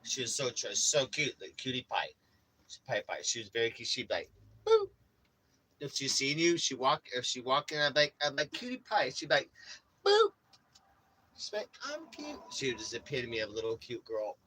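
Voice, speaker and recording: A man's voice: mid-range voice, fast talker, hardly any pauses, sharp tone, breathy edge, rough recording. A young man casually telling a rambling story full of swearing, often saying bro. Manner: profane, rambling, says bro a lot. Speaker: vlogger.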